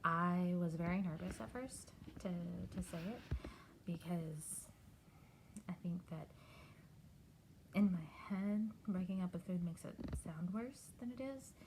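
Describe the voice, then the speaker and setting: A middle-aged woman from Texas, talking candidly and haltingly in a personal video diary. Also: fairly low pitch, background noise. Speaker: vlogger.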